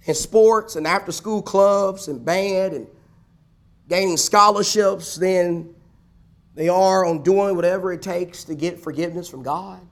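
A pastor preaching a sermon to a congregation, asking rhetorical questions and repeating key lines for emphasis. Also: male voice, high-pitched, unhurried. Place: church.

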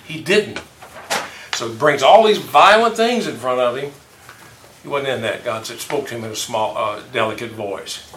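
A man's voice: medium pitch, normal speed, a bit bright, a little hiss or hum. A man leading a casual group Bible discussion, telling stories with rambling self-corrections. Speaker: Bible study leader. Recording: echoey room, mic far off.

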